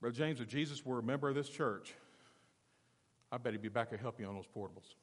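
A man's voice: mid-range voice, fast. Man preaching in a church hall. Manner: preaching with call-and-response questions, swinging from quiet to loud. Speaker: pastor. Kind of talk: sermon. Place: church sanctuary.

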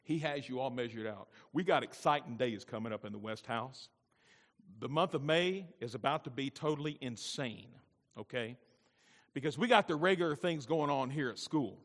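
A man's voice: mid-range voice, expressive, normal speed, fairly bright tone. A middle-aged man preaching a sermon as pastor, mixing folksy personal storytelling with emphatic preaching. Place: church sanctuary. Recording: long church hall reverb.

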